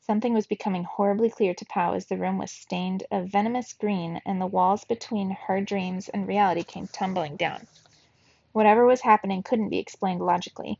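Gravelly woman reading a children's novel aloud. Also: mid-range voice, fairly quick, dry recording, lo-fi sound. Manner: steady, expressive storytelling. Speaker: reader for a children's book club.

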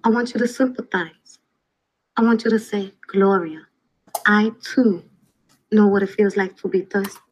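An actress playing a brash, talkative young woman who lectures her boyfriend in a lively, assertive way. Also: medium pitch, normal speed, pauses often, a little hiss or hum, close to an everyday voice, rough recording. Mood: lecturing. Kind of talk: film dialogue.

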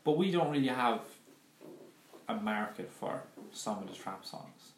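A man's voice: on the low side, animated, measured pace. Young man in an echoey room. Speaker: podcast co-host. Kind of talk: casual chat. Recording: echoey room with faint noise.

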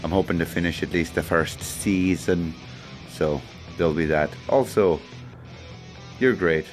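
Slow, low-voiced rambling podcast man. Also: faint music behind. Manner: loopy, wandering, jokey. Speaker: podcast host. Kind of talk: rambling solo podcast chat.

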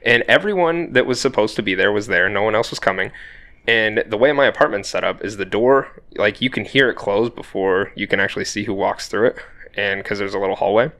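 A young man co-hosting a casual podcast. His voice sits low yet comes across bright and forceful. He tells stories animatedly and swears without a second thought. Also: brisk. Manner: storytelling, animated, swears freely. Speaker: podcast co-host. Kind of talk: casual chat.

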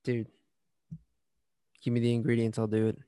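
A man's voice: medium pitch, completely flat delivery, moderate pace, dark tone, clean tone, no room sound. Young man hosting a podcast among friends, laid-back slangy delivery, mid-range voice, dry close mic. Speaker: podcast host. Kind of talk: casual chat with friends.

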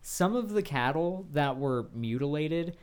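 A man's voice: a little high, animated, measured pace, clean tone. A man co-hosting a podcast, telling a paranormal story in a loose, chatty way with swearing and laughter. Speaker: podcast co-host. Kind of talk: casual podcast chat.

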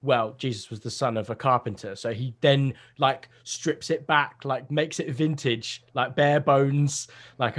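A man's voice: medium pitch, fairly even intonation, unhurried. A young man chatting casually over a video call, rambling through a comedy idea with lots of fillers.

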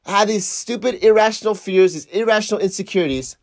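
A man's voice: high voice, quick pace, vocal fry, no room sound, studio quality. A man telling a story casually, swearing and laughing as he reflects on a mishap while surfing. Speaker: surf vlogger.

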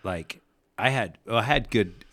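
A man co-hosting a casual sports podcast, telling rambling, profane stories that get animated. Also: fairly low pitch, measured pace, no echo, clean studio sound. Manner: rambling storyteller, swears, animated when recounting yelling. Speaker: podcast co-host.

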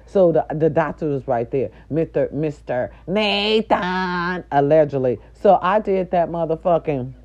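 An older woman, a nurse's aide and grandmother, telling an indignant, profane story straight to her viewers in a loud, animated rant. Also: deep voice, a little slow, hardly any pauses, muffled recording.

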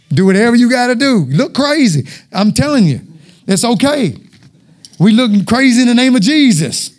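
A man delivers an animated, folksy sermon in a church, his voice pitched a bit high for a man. He talks straight to the congregation and acts out voices and sounds as he goes. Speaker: preacher.

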